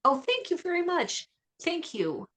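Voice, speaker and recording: A woman vocalist talking as a guest in a radio interview, chatty and enthusiastic with quick asides. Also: extremely high pitch, very animated, fairly bright tone.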